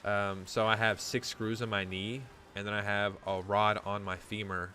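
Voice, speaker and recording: A man's voice: on the low side, level tone, normal speed, sharp tone, slight background noise. A gaming YouTuber, a man, telling a story in casual, rambling chat, swearing often and saying "like" a lot. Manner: rambling, profane, lots of "like".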